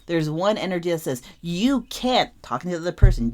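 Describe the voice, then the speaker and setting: A woman's voice: fairly low pitch, sing-song, a little fast, darkish tone. A young adult woman giving a casual tarot reading, talking animatedly and repeating phrases for emphasis. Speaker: tarot reader.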